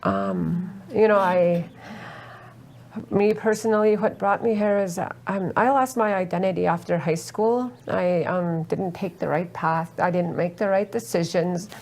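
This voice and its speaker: A woman from Alaska speaking earnestly on a festival panel, halting with many fillers and close to tears. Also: lowish voice, fairly even intonation, vocal fry, darkish tone. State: emotional, near tears. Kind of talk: panel talk, personal testimony. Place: festival roundtable.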